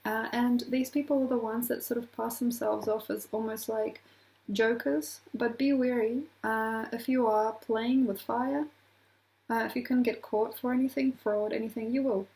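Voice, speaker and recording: A woman's voice: a little high, fairly even intonation, moderate pace, creaky, warm tone, poor audio. A woman astrologer talking casually to camera, rambling from point to point with laughing asides.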